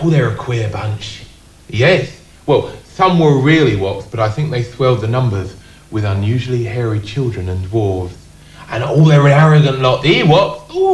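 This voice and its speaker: An actor playing a rambling Cockney man in a surreal sketch comedy, who repeats himself and slips into squeaky high impressions. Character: rambling Cockney man claiming film work. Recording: roomy echo.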